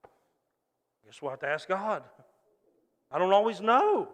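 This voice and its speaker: Male pastor, higher register, lively storyteller sermon, hall echo. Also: slow pace. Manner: animated storytelling with acted-out voices.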